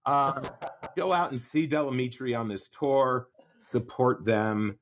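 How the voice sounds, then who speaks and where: A man's voice: mid-range voice, takes it slowly, a little hiss or hum. A man hosting a casual interview podcast, thanking his guest in an appreciative, easygoing way. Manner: warm, appreciative wrap-up. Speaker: podcast host.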